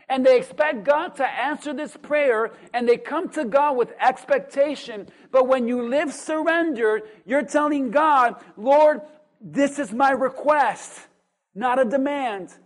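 A pastor with a high voice preaches a sermon that swings dynamically between loud emphasis and quiet asides. It is full of rhetorical questions and call-and-response.

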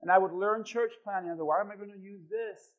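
A male pastor with a high voice delivers a sermon to his congregation. He tells stories with animated energy and acts out the voices of the people in them. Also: fast, phone-quality sound. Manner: animated storytelling, acting out quoted voices. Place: church.

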